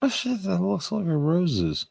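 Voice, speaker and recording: A man's voice: high voice, wildly swooping pitch, a little slow, gravelly, darkish tone, husky, no room sound. A man hosting a casual reaction stream, profane and mocking, laughing at what he watches. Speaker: stream host reacting to clips.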